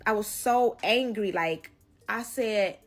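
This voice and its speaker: Woman, storytime teller, lively and emphatic with blunt cursing, faint music underneath. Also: medium pitch, slow pace. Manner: animated, emphatic, swears freely. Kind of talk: casual storytime.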